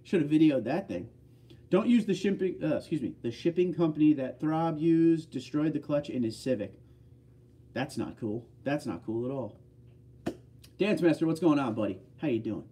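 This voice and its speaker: A man's voice: on the high side, animated, normal speed, mellow, husky, distant mic. A man from the northeastern United States hosting a casual livestream, chatty and reading viewer comments aloud. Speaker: livestream host.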